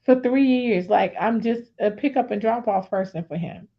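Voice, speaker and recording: A woman's voice: a little high, moderate pace, dull audio. A woman sharing a candid personal testimony on a faith talk show, telling her story directly to her listeners.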